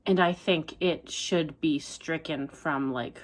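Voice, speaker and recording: A woman book vlogger talking casually to camera, deadpan and exasperated as she rants. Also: sits low, takes it slowly. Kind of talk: casual reading vlog.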